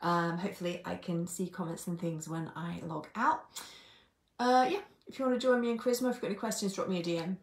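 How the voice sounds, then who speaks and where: A woman's voice: on the low side, steady tone, fast talker, reverberant. A woman coach giving a blunt, sweary live stream pep talk, laughing often.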